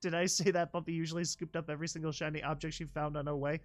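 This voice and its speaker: A man reading a fan fiction story aloud, animated, with joking commentary and chuckles. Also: on the high side, rapid-fire. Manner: animated, joking asides, laughs mid-line. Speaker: reader and commentator.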